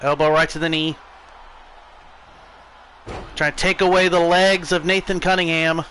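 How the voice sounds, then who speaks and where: An American man calls a wrestling match on his stream with excitable play-by-play energy. His voice sits high for a man and rings bright and sharp. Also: a little slow, slight background noise, rough recording. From United States.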